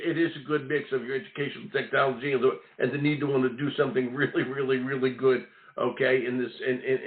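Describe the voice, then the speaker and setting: A man with a Philadelphia accent hosting a radio talk show, rambling and repeating himself, peppering his talk with "all right" and "okay". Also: medium pitch. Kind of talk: casual radio interview. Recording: phone-like narrow sound.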